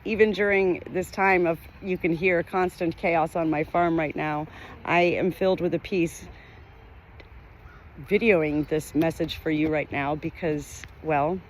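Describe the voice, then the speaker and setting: A low-voiced woman, a middle-aged spiritual medium, speaks to the camera from her farm home with slight background noise. Earnest and rambling, she says the same phrases over and over.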